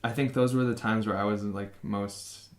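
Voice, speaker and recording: A man's voice: lowish voice, steady tone, normal speed, reverberant. A young man from San Francisco answers interview questions casually, with many fillers and restarts. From San Francisco, USA. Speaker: interview guest.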